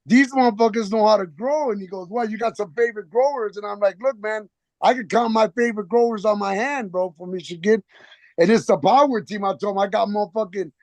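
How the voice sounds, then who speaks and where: A man's voice: sits high, darkish tone, dry recording. A man on a video call from his phone, telling rambling, profanity-heavy stories in slangy street talk and acting out the back-and-forth. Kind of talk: casual chat on a video call.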